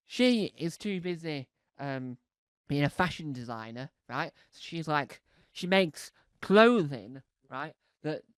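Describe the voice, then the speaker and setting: A man's voice: medium pitch, clean tone, no room sound, clean studio sound. A male comedian telling a rambling comedy monologue, full of restarts, asides and "right?" check-ins. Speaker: stand-up comedian.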